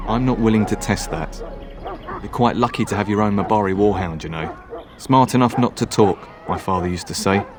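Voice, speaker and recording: A man's voice: fairly low pitch, brisk, music in the background, lightly acted. A man voicing an earnest young castle knight in a fan dub, formal and courteous. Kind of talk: fan voice acting over a game.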